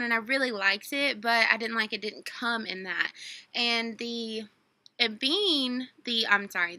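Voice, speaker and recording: A woman's voice: mid-range voice, pushed and bright, no echo. A young woman, rambling through a casual unboxing story full of fillers and quoted dialogue. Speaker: vlogger.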